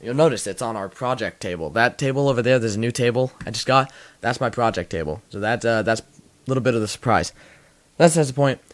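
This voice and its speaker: A man's voice: medium pitch, fast. Rambling young man unboxing tech. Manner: rambling, self-deprecating, many restarts. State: out of breath. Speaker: tech channel host. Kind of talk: casual unboxing vlog.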